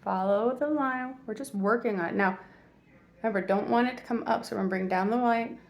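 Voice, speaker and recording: A woman's voice: a little high, fairly quick. A woman, an actress and mom, chatting playfully to her viewers as she walks them through her makeup routine. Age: adult parent. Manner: silly, chatty, talks straight to viewers. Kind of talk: casual makeup tutorial.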